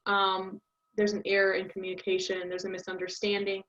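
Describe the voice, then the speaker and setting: A woman's voice: medium pitch, completely flat delivery, a little fast, fairly bright tone. A young woman giving a casual class presentation, thinking aloud with many ums. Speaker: student presenter. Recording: dull lo-fi audio.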